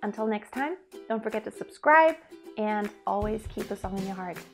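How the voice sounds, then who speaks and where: A woman's voice: medium pitch, animated, moderate pace, soft background music. A young woman teaching a singing lesson, explaining technique and sometimes singing short demonstration notes. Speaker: vocal coach.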